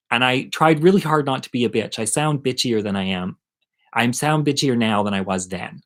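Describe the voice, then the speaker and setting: A man's voice: mid-range voice, normal speed. Chatty middle-aged man telling a story. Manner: animated, chatty, self-mocking. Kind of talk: casual storytelling monologue. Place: at home.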